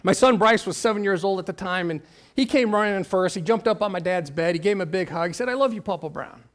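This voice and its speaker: A man in his forties, a pastor, telling a personal story in a sermon, his voice dropping low and intimate, then swelling when stirred. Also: fast talker. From Ohio.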